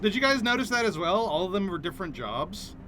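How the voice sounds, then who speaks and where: Chatty gamer guy, high bright voice, super expressive, joking around. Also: quick pace, faint music behind. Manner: playful, chatty, reacts aloud. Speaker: game streamer. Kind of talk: casual chat while playing.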